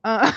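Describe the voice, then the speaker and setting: A woman's voice: fairly bright tone, dry recording. A young woman from Maine, tipsy and boisterous, swearing and laughing often in casual live-stream chat. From Maine, USA. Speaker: guest co-streamer. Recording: dull lo-fi stream audio.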